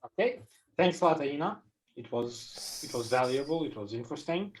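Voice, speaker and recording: A man's voice: medium pitch, animated, moderate pace, low-quality recording. A man hosting an online event, moderating questions with short remarks and fillers. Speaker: event host.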